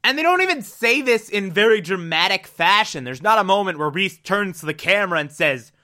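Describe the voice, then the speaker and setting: A man's voice: high-pitched, expressive, a little fast, sharp tone. A man giving an enthusiastic, casual recap and review of a TV episode, with sudden asides and the odd swear.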